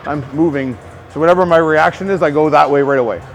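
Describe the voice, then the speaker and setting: This personal trainer talks fast in a fairly high voice, with faint music playing behind him. He rambles through casual coaching aimed at the camera, swearing often and plugging gaps with "like."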